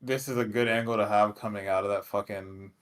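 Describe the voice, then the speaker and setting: A man's voice: fairly low pitch, steady tone, a little fast. A man co-hosting a casual wrestling podcast, laid-back and profane as he muses over storylines. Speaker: podcast co-host.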